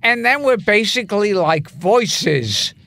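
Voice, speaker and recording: High gravelly guy, talks slow, stammers a bit, dry close mic. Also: big pitch swings, sharp tone. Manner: stammering, restarts often. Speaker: comedian guest. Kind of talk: casual chat.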